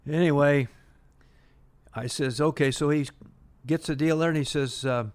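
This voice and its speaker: A man's voice: fairly high pitch, steady tone, unhurried. An older man telling a rambling anecdote as an interview guest, full of restarts and quoted dialogue. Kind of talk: casual anecdote.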